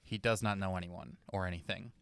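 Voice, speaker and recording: Male podcast host, low-pitched, dry wit, game runner. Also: steady tone, brisk, vocal fry, a bit bright, smooth. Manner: dry, joking, running the games. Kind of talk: casual podcast chat, game hosting.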